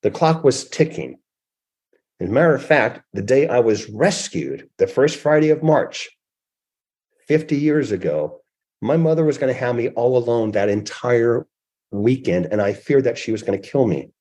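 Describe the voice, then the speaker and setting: A husky-voiced man in his sixties speaks as an interview guest, telling stories with plenty of emphasis. His voice sits in a middle pitch and carries a slightly rough edge. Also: lively intonation, moderate pace, mellow. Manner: emphatic, acts out quoted voices. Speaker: guest author. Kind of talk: animated storytelling interview.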